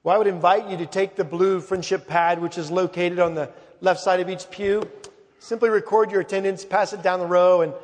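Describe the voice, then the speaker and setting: High-voiced preacher in a reverberant church. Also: male voice, steady tone, normal speed. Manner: emphatic, swings from loud to hushed. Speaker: pastor. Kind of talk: sermon. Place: large church sanctuary. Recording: long reverb of a large church.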